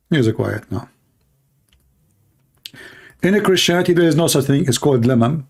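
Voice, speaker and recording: A man arguing in a heated livestream debate, challenging listeners in broken, non-standard English and clearing his throat often. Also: on the high side, expressive, unhurried, a little mellow.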